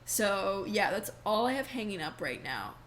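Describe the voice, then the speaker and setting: A woman's voice: mid-range voice, big pitch swings, normal speed, a bit bright, a little hiss or hum, low-quality recording. A young woman in her twenties, co-hosting a podcast in casual, chatty, slangy talk. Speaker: podcast co-host. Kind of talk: casual chat.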